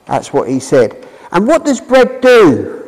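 Man, casual sermon, high lively voice, slow delivery, hall reverb. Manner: chatty, asks the audience questions. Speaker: preacher. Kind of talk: informal sermon to a congregation.

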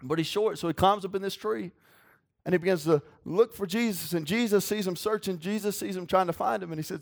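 Man, pastor preaching, folksy and earnest, fairly high voice. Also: fairly quick, creaky. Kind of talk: sermon.

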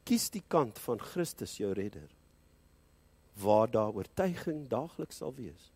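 South African man, pastor, fervent sermon, husky voice with a lively, swinging pitch, dry close sound. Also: a little slow, dry recording. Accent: South African English. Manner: fervent preaching with swings between loud high peaks and quiet low passages; switches between English and Afrikaans.

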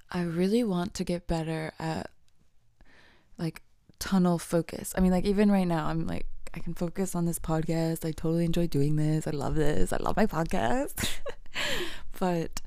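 A woman's voice: low voice, fairly even intonation, normal speed, vocal fry, warm tone, no echo, studio quality. A young woman hosting a casual solo podcast, rambling and self-deprecating, often laughing and dropping into whispers. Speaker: podcast host.

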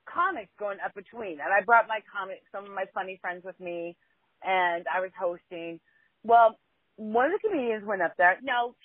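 A woman's voice: mid-range voice, dry recording. A woman co-hosting a casual podcast, who tells a story bluntly and often restarts her sentences. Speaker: co-host. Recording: dry, phone-like line.

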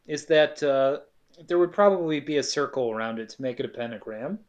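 A podcast co-host recapping a movie in casual chat, wry and quick to laugh. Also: mid-range voice, a little mellow, muffled recording.

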